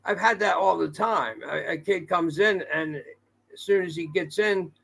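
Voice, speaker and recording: Gravelly man, plain storyteller. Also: on the high side, a little slow, fairly bright tone. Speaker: guest, wrestling trainer. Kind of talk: casual chat.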